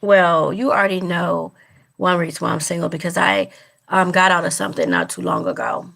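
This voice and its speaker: A woman's voice: lowish voice, fairly even intonation, brisk, vocal fry, fairly bright tone. A woman vlogger talking straight to her viewers in casual chat, earnest and emotional, repeating herself as she goes. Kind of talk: casual direct-to-camera chat.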